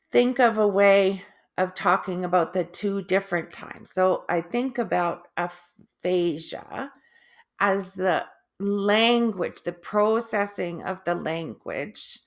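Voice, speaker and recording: Slow, halting middle-aged woman. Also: medium pitch. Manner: halting, with restarts and long pauses; drawn-out, oddly stressed syllables. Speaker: vlogger sharing her stroke recovery. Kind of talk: casual personal video.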